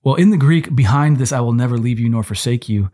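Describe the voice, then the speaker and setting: A man with a mid-range, mellow voice co-hosts a Christian parenting podcast, explaining Bible passages quickly in a conversational teaching style. He quotes scripture and restarts his sentences often. The recording is dry and studio quality.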